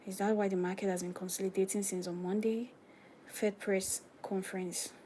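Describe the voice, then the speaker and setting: A woman's voice: medium pitch, level tone, normal speed, dark tone, slight background noise. A young woman live-streaming forex trading, explaining charts step by step, often dropping to a near-whisper and asking if viewers understand. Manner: chatty, explains step by step, asks "do you understand?". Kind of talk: live trading screen-share commentary.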